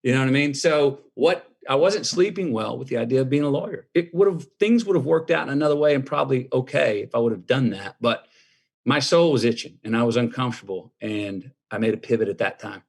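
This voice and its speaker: Man, husky voice, unhurried storyteller, interview guest. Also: medium pitch. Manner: drawling, relaxed storyteller with laughs.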